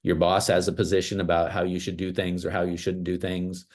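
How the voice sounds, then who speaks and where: A man with a very low, deep voice gives a motivational talk over a video call. He speaks in an animated, emphatic way, leaning on casual fillers as he goes. He grew up in small-town America. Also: fairly quick. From small-town United States.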